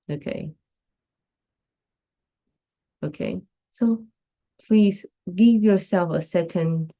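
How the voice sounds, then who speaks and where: Slow, earnest woman giving a live pep talk. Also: lowish voice, warm tone. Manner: earnest, repeats phrases for emphasis, speaks to viewers directly. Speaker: host of a live talk stream. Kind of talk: casual motivational talk.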